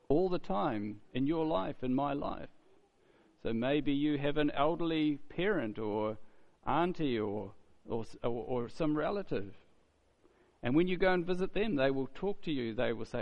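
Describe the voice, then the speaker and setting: A man's voice: on the high side, dull audio. A man preaching a sermon in a conversational way, often asking "isn't it?" and repeating words as he goes.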